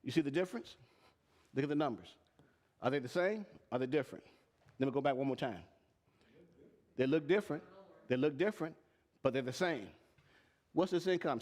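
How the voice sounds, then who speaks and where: A man's voice: on the high side, a little mellow. A man teaching tax and payroll to a live audience, plain-spoken and emphatic, often asking them questions. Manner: asks the audience repeated questions. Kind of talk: live-streamed teaching talk.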